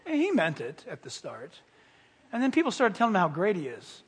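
High-voiced animated preacher in a hall. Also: male voice, a little fast, slightly rough. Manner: animated, acts out little scenes and whispers for effect. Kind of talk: sermon. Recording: hall reverb, from a distance.

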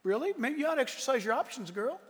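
A man preaching a sermon, animated and joking, slipping into playful voices for the characters he describes. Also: very high voice, fast talker, a little hiss or hum. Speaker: pastor. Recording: hall reverb.

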